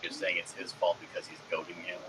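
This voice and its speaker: A man's voice: low voice, monotone, fast talker, very noisy. A man co-hosting a casual livestream, teasing and sardonic, with a mock-indignant streak. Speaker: co-host. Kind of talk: casual chat.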